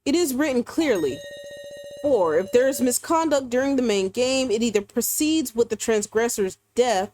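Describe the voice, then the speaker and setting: A woman reading the lines of a calm, formal male game official in a visual novel game. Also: a little high, normal speed, soft background music, natural voice. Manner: formal, matter-of-fact.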